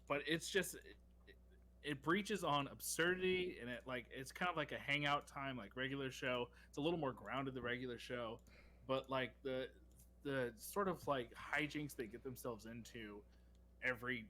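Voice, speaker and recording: A man's voice: medium pitch, bright, forceful tone, a little hiss or hum. A young man co-hosting a podcast, chatting casually and enthusiastically with plenty of fillers and restarts. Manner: rambling, enthusiastic, many fillers. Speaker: podcast co-host. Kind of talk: casual chat.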